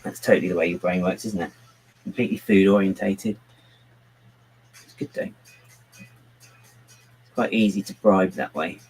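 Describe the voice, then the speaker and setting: Husky-voiced man chatting on stream. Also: deep voice, fairly even intonation, unhurried, pauses often, a little mellow, soft background music, low-quality recording. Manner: chatty, muttering to himself and his pet while working. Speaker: livestreaming brick builder. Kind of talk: casual live-stream chat.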